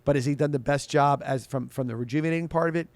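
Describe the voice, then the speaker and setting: A man's voice: on the high side, fast talker, a little mellow, dry recording. A man hosting a sports radio show, answering listener questions in a loose, rambling way and often restarting his sentences. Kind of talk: casual sports talk show chat.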